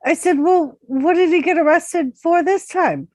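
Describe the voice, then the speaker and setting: A woman's voice: extremely high pitch, measured pace, no echo. A woman on a casual livestream panel who tells stories and acts out other people's lines. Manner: animated storyteller acting out quotes. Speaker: panel member. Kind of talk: casual storytelling chat.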